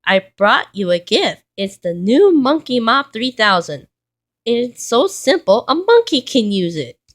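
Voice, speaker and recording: A woman's voice: fairly high pitch, very animated, a little slow. A woman voicing a chipper, muddled scatterbrained cartoon man in a storybook reading.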